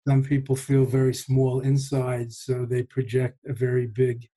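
A man in a reflective conversation, speaking in a measured, thoughtful way and often pausing to find his words. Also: mid-range voice, monotone, warm tone, slightly rough, poor audio.

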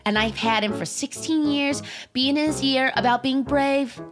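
A woman's voice: high voice, close to an everyday voice. A woman playing a tender ageless goddess. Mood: earnest song. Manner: sings slow and tender, chats playfully. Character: ageless goddess fond of a young cleric. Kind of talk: improvised musical role-play. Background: music.

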